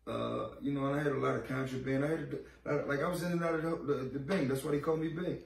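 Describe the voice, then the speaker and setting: Gravelly guy in his late 30s telling a prison story, lots of cussing, sounds kinda far off in an echoey room. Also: mid-range voice, fast. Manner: animated, profane street storytelling acting out dialogue. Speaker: interview guest. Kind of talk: storytelling in a podcast interview. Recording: roomy echo, off-mic, faint ambience.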